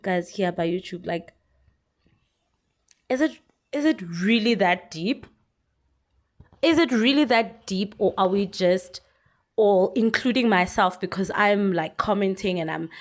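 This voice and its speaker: A young South African woman giving frank, chatty commentary on a vlog. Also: medium pitch. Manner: chatty, frank, lots of fillers and laughs. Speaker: YouTuber commentator.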